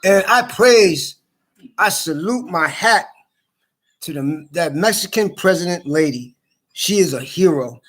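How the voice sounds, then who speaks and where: A middle-aged man ranting in a rambling monologue, swearing often, stammering and repeating himself, swinging between loud outbursts and tired mutters. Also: high voice, animated, unhurried. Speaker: vlogger.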